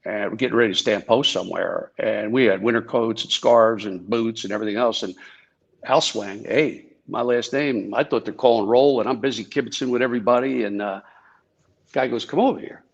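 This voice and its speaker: A man's voice: lowish voice, brisk, vocal fry, muffled recording. A man from New Jersey telling casual, chatty stories as a guest speaker on a video call. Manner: chatty anecdotes with many fillers. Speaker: guest speaker, former Secret Service agent. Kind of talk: casual storytelling talk.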